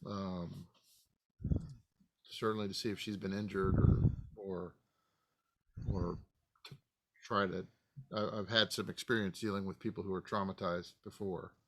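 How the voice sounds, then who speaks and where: A man's voice: low-pitched, little pitch movement, unhurried, long pauses, fairly bright tone. A man playing a tabletop game, speaking hesitantly and earnestly, often repeating words. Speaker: player.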